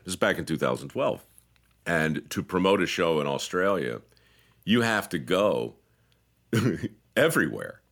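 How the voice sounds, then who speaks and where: Deep-voiced man telling lively stories. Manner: storytelling, mimics voices, laughs often. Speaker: podcast co-host. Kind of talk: casual chat.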